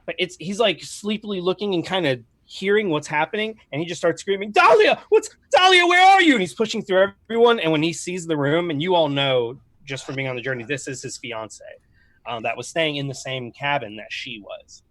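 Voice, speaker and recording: A man's voice: a little high, a little fast, no echo. A man narrating as game master in a casual, rambling way.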